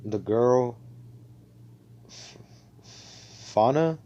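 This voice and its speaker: A man's voice: mid-range voice, drawn-out words, dark tone, muffled recording, a little hiss or hum. A man casually telling an improvised fan story over a voice call, rambling and profane, full of fillers and self-corrections. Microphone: computer mic on a voice call.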